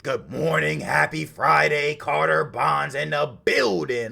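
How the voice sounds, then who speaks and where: A man's voice: on the high side, lively intonation, moderate pace, creaky, few pauses, pushed and bright. Slangy young male streamer chatting casually. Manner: slangy, hypes up chat, greets viewers by name. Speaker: streamer and podcast host. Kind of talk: casual live stream chat.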